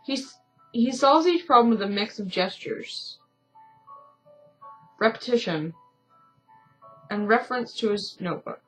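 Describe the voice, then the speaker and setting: A woman's voice: a little high, lively intonation, measured pace, pauses often, a bit bright, faint music behind, low-quality recording. A woman streaming a story game, reading its narration aloud with casual, self-deprecating asides. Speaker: let's-play streamer.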